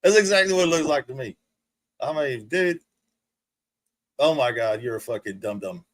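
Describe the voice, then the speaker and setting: A man's voice: medium pitch, lively intonation, normal speed, no echo. A man streaming, ranting and mocking someone with profanity and frequent laughter, from a recliner indoors. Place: indoors, sitting in a rolling recliner.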